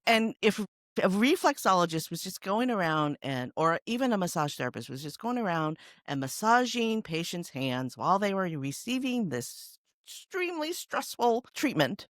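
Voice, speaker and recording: A middle-aged woman hosting a podcast, her lowish voice swinging widely as she tells stories with real emphasis. The sound is close and dry, with no room around it. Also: dry recording. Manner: animated storyteller, emphatic. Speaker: podcast host. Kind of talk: casual conversation.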